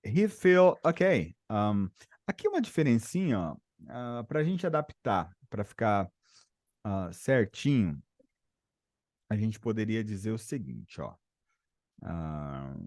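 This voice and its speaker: A Brazilian man teaching an online English lesson, patient and slow, repeating words for his students. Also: on the low side, very animated, a little mellow, no room sound, studio quality. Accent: Brazilian Portuguese. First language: Portuguese.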